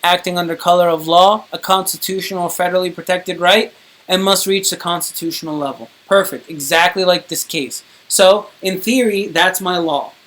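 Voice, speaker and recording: An indignant streamer talks straight to viewers in a loose, rambling monologue. The delivery is wordy and full of restarts, with casual swearing. The voice swings between loud, pushed bursts and low, trailing mutters. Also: fairly even intonation, moderate pace. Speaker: streamer recounting own court case.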